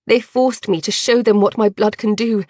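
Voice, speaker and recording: A woman voicing a defiant, stubborn young woman held prisoner, speaking quickly. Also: mid-range voice, fairly even intonation, darkish tone, no room sound, clean studio sound, lightly acted.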